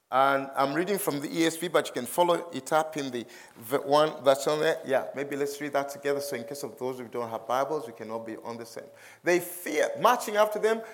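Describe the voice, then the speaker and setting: A man's voice: fairly high pitch, fairly bright tone. A man preaching a sermon as a visiting speaker, chatty and self-deprecating, reading scripture aloud to a church congregation.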